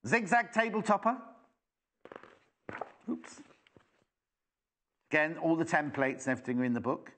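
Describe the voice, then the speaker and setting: A man's voice: a little high, sing-song, normal speed, long pauses, fairly bright tone, slight background noise. A British man presenting live on a TV shopping channel, chatty and enthusiastic with rambling asides.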